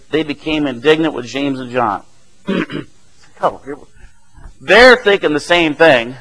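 A man's voice: on the high side, a bit bright, poor audio. A man preaching a sermon in a conversational way, often asking "right?" and chuckling as he explains the passage.

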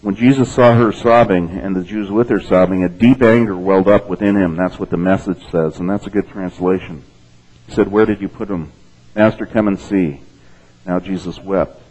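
A man's voice: low voice, normal speed, a little mellow, rough recording. A man preaching a sermon, reading scripture and explaining it in a conversational way while often checking in with "okay?". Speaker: pastor.

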